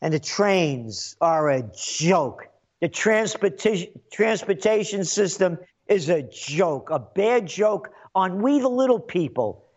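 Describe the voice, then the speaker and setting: A scornful man delivers a mocking political rant in a high-pitched voice. His tone swings widely as he jeers. The recording sounds muffled and lo-fi. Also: very animated, slow pace, darkish tone. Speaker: political commentator. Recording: dull lo-fi recording.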